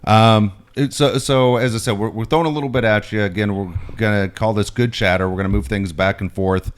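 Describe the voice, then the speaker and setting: Middle-aged guy with a really low voice, animated storyteller, swears a lot, casual sports chat. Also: fairly quick. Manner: animated storyteller, swearing freely, many restarts. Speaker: podcast co-host.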